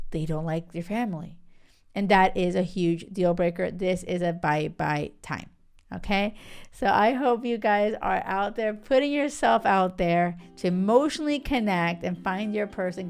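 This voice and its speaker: A woman's voice: medium pitch, gravelly, darkish tone, clean tone. A woman hosting a show and giving relationship advice in a chatty, emphatic way, often asking "right?" and "okay?". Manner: chatty and emphatic, with frequent "like" and "right?" and some laughter. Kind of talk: casual advice monologue.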